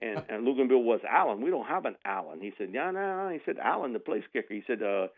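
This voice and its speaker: A man's voice: mid-range voice, fast talker. A man, telling a sports story on the radio and acting out the people in it. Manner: animated, mimics voices in anecdotes with laughs. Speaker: radio guest. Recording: tinny phone line.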